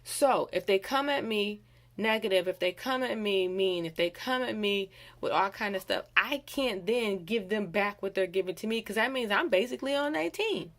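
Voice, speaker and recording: Animated woman giving a casual devotional. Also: medium pitch, normal speed. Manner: animated, acts out quoted voices. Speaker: bible study teacher.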